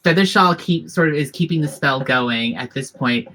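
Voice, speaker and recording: A tabletop game master narrating the scene in a loose, rambling way, circling back and restarting as the scene unfolds. The voice is bright and forward. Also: mid-range voice, normal speed, a little hiss or hum, rough recording. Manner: rambling, heavy with fillers and restarts.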